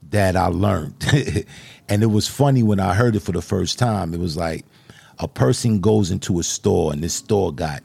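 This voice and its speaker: A man's voice: lowish voice, vocal fry, a little mellow, slightly rough. A man hosting a show, chatting earnestly and encouragingly with a guest, often repeating himself as he speaks. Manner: repetitive, earnest, encouraging, addresses guest as brother. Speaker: show host. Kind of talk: casual interview chat.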